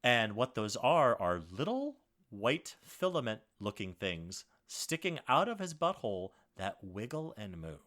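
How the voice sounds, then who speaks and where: Podcast co-host, man, bright voice, swings widely in pitch while acting out the people in his story. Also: measured pace, few pauses. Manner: animated, acts out quoted dialogue. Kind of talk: casual storytelling chat.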